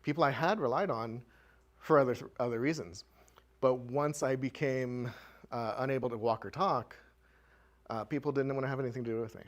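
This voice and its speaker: A man's voice: medium pitch, a little fast. A man presenting at a community show-and-tell, telling a candid personal story to a live audience in a conversational way with frequent filler words.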